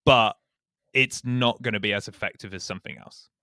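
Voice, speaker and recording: A man's voice: fairly low pitch, a little fast, sharp tone, no room sound, clean studio sound. A man co-hosting a podcast, talking in a rambling, sweary casual chat. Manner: rambling, swears, restarts, laughs easily. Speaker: podcast co-host.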